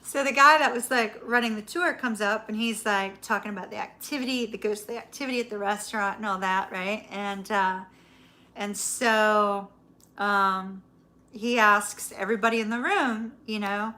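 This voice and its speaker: A woman's voice: medium pitch, steady tone, moderate pace, pushed and bright. A woman host telling a personal story in a casual chat with her viewers, laughing often and swearing casually. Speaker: tarot reader, channel host.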